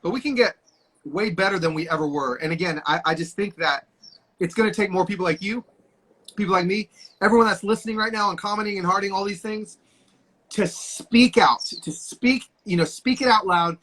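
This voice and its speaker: A man's voice: sits high, fast, pushed and bright. A man in his forties, a guest on a video call, telling stories with passionate, preacher-like energy. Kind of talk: casual conversation.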